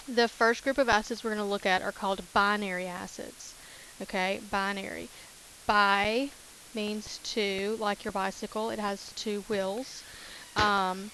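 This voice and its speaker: Slow, casual woman chemistry teacher. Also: medium pitch, fairly bright tone, slight background noise, poor audio. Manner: casual, repeats key terms, fillers. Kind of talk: recorded lecture over notes.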